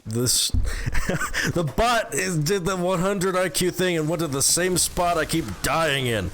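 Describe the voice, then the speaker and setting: A man's voice: a little high, animated, fairly bright tone. A man streaming a game, chatting casually and jokingly with his viewers. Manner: playful, joking, quick laughs. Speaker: gaming streamer. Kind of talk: casual gameplay chat with viewers. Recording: noisy game stream audio.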